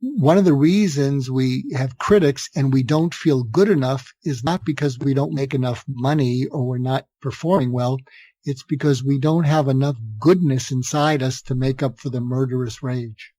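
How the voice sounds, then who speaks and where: A man's voice: mid-range voice, normal speed, mellow, no echo. An older man, a psychiatrist, giving advice in an earnest conversational way, often restarting his phrases and acting out sample dialogue. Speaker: psychiatrist guest. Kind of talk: conversational podcast interview.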